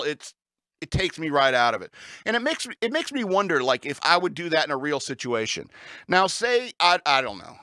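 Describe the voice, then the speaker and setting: Bright-voiced rambling radio host man. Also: fairly high pitch, dry recording. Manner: rambling, incredulous storytelling with animated asides. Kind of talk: comedic talk-radio monologue.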